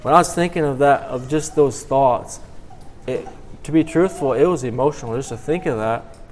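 Man preaching a halting, emphatic sermon. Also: medium pitch, slight background noise. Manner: halting, repeating words, swelling with emphasis.

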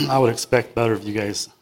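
A man at an ordinary mid pitch reads a children's story aloud to a group. He halts often, rephrases lines in his own words and adds moral comments along the way. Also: husky. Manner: halting, stops to paraphrase and moralize.

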